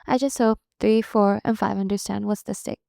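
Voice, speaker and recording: A woman's voice: medium pitch, steady tone, normal speed, vocal fry, warm tone, no echo, clean studio sound. A woman voicing a veteran woman member of a secret group, speaking earnestly with small hesitations. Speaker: student reader. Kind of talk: amateur story reading.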